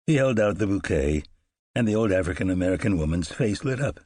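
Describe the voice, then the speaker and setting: A man narrating an audiobook in a measured, unhurried storytelling manner. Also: low-pitched, expressive, a little mellow, dry recording, clean studio sound.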